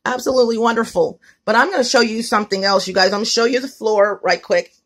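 A woman's voice: a little high, steady tone, quick pace, a bit bright. A woman vlogging from her home kitchen on a phone, talking emphatically and repeating herself as she speaks straight to her viewers. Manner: emphatic, repetitive, addresses viewers directly. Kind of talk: casual phone vlog to viewers.

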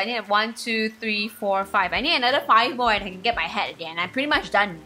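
A young woman, hosting a let's play and commenting excitedly as she plays. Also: fast talker, hardly any pauses. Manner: excitable, squealing highs and gasps. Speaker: gaming channel host. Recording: faint game music behind.

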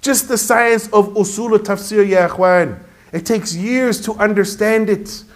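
A man's voice: high-pitched, unhurried. A man delivering a sermon, telling stories with emphasis and dropping in Arabic phrases. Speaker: preacher.

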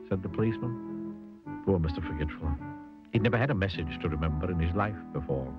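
A man narrating a children's storybook with a gentle comic touch, over a dull lo-fi recording with music behind. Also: low-pitched, fast. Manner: lively, gently comic telling.

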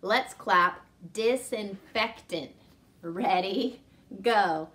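Slow-spoken woman teacher. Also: medium pitch, a bit bright, slight background noise. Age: adult with a son. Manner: slow and sing-song, clapping syllables aloud. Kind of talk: children's lesson.

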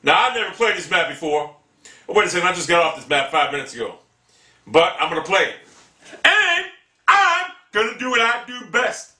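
A man giving live gameplay commentary, cursing and trash-talking opponents, often bursting into angry shouts. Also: sits high, big pitch swings, fairly quick, echoey room, far from the mic.

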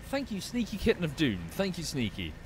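A man's voice: on the high side, wildly swooping pitch, brisk, a little hiss or hum. A man streaming a game, talking casually and wryly, with the odd curse. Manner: chatty, wry, swears casually. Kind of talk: casual gameplay commentary.

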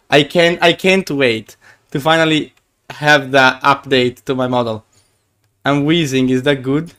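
A man chatting on a live stream in a slightly high, smooth, clear voice. He talks slowly but excitably, stammering and repeating himself as he greets viewers and jokes around. The tone is casual and playful.

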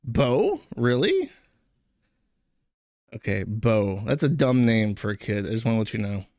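A man's voice: on the low side, fast, a little mellow, clear, resonant tone, no room sound, studio quality. A man giving casual, sarcastic commentary, rambling and crude. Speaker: streamer commentator.

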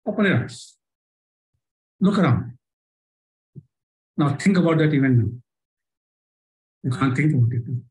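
A man's voice: a little high, animated, unhurried, long pauses, darkish tone, rough recording. A man with an Indian English accent leading a live online workshop by video call, coaxing listeners through exercises with lots of repetition. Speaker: workshop trainer.

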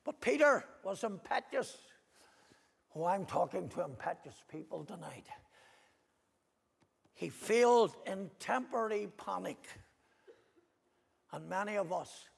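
A man with a Northern Irish accent preaching an impassioned sermon, rising to loud cries and dropping to hushed repetitions. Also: high-pitched, expressive, unhurried, creaky, pauses often, slightly rough. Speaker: pastor. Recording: long hall reverb.

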